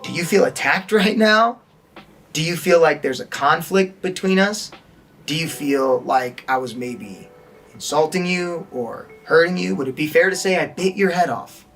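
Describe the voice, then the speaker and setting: A man's voice: on the high side, animated, unhurried, fairly bright tone, faint music behind. A man instructing an online acting course, talking plainly and now and then acting out a line in a different tone to show its effect. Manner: demonstrates tones by acting out short lines. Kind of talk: online lesson.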